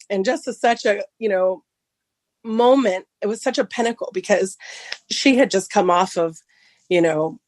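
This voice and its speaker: A middle-aged woman from Southern California, a podcast guest telling a personal story casually and acting out the dialogue, her voice rising high when excited. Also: normal speed, dry recording.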